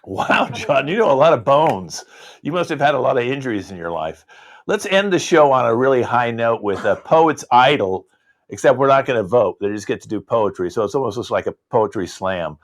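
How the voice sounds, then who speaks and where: A man's voice: mid-range voice, animated, brisk. A man co-hosting an online improv show, teasing his co-host and setting up the next game over a video call. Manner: playful, teasing banter with a co-host. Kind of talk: casual joking emceeing.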